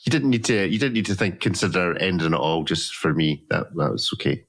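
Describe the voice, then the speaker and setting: A man's voice: low voice, lively intonation, fairly quick, breathy edge. A man hosting a watch podcast in casual panel chat, playful and teasing as he steers the conversation. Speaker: podcast host.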